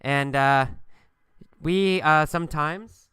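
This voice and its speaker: A man's voice: on the high side, slow pace, smooth, no room sound. Male English teacher, home recording, clean resonant voice, dry and close, casual with fillers. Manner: relaxed, many fillers, acts out story lines. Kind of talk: teaching with a story, then casual commentary. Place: bedroom at home.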